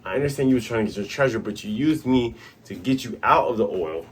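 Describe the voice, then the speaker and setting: A man voicing a gruff young male swordsman from a pirate cartoon, muttering low grumbles. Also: lively intonation, quick pace, a little hiss or hum, natural voice. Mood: grumbling.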